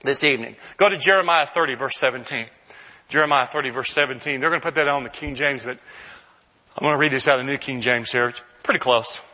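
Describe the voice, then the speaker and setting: A man preaching a sermon, reading scripture slowly and rising to shouted emphasis. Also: mid-range voice. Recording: long hall reverb.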